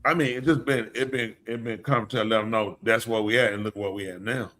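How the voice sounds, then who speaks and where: A man with a low, bright and forceful voice, chatting as the host of a live talk show. He is a preacher who spins stories with energy and slips into the voices of the people in them. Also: fairly quick. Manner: lively storyteller who acts out quoted voices. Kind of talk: casual storytelling chat.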